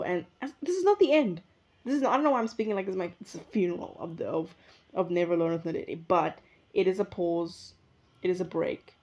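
A young woman talks alone on her podcast, rambling and reflective, stopping often to correct her own words. Her voice sits low and mellow. The recording is a little muffled and lo-fi. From South Africa. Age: young adult. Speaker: podcast host. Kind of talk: casual solo podcast monologue. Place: indoors at her usual recording spot.

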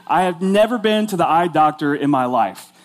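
A man's voice: on the high side, lively intonation, moderate pace. A man in his forties, a pastor telling a funny personal story in his sermon in a chatty, self-mocking way, full of "like". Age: 40s.

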